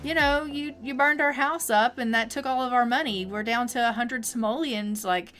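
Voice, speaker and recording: A woman's voice: on the high side, normal speed, fairly bright tone, faint music behind, close to an everyday voice. A woman doing a smug teasing game husband. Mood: lecturing. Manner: casual, chatty, filler-heavy. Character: joking sim husband, proud and teasing.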